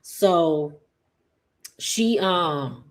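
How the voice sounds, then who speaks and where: A woman giving a casual, rambling recap of an episode, with many fillers and quick paraphrased quotes. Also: low-pitched, lively intonation. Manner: chatty, rambling, full of "like" and "just like". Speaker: soap opera recap vlogger.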